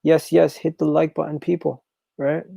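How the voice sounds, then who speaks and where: Gravelly-voiced man hosting a football stream. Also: a little high, normal speed, no room sound, rough recording. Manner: repetitive, restarts phrases, animated and chatty. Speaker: football channel host. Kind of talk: live stream chat reading comments.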